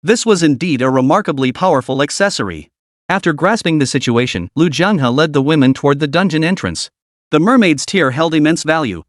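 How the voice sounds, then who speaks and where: A man narrating a game fantasy story in an even scripted storytelling manner, voicing the quotes only lightly. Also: on the high side, no room sound, studio quality.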